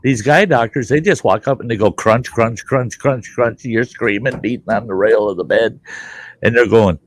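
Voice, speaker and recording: A man's voice: on the low side, fairly quick, no room sound. A middle-aged man hosting a show, telling rambling stories with plenty of cursing and laughter. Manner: rambling, profane, laughs mid-story. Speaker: podcast host. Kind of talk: casual storytelling chat.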